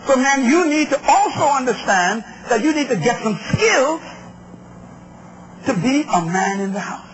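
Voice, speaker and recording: Emphatic preacher, male, very high pitch, muffled recording with noise. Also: big pitch swings, measured pace. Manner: emphatic, call-and-response with the crowd. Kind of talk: sermon on relationships.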